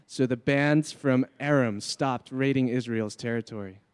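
A man's voice: medium pitch, measured pace, clear, resonant tone. A man reading scripture aloud to lead a group Bible reading in a church hall, now and then joking with the crowd. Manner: reads aloud steadily, jokes with the crowd. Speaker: scripture reader. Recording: long hall reverb.

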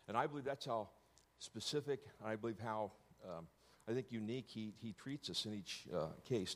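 Middle-aged man, lowish voice, storytelling speaker; restarts often, jokes on the side. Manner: halting, self-correcting, with joking asides. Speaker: speaker telling his story to an audience. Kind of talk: personal storytelling talk.

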